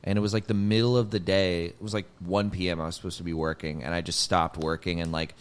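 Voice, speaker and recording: A young man with a lowish voice tells a long, rambling story on a podcast. He leans hard on filler words and swearing. He jumps up loud and high whenever the story excites him. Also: quick pace, clear, resonant tone. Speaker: podcast host, comedian. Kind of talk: casual storytelling chat.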